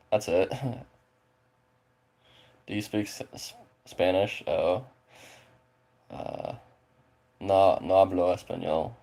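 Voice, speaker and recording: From Spokane, Washington, in the US Pacific Northwest, this man chats casually with viewers, rambling, swearing freely, and filling his sentences with fillers. His voice is low-pitched and darkish, with vocal fry.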